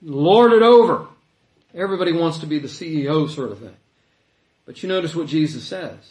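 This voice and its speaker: Animated preacher, man, slightly high voice, roomy echo. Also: fast. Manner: animated, acts out quoted voices. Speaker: pastor. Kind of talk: sermon. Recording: echoey room.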